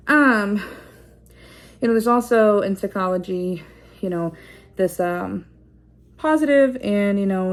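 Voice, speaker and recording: A woman talking casually to the camera in a vlog, musing out loud with many fillers and restarts and explaining like a teacher. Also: mid-range voice, slight background noise. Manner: explains like a teacher, checking in with "okay?" and "right?". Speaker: parenting vlogger.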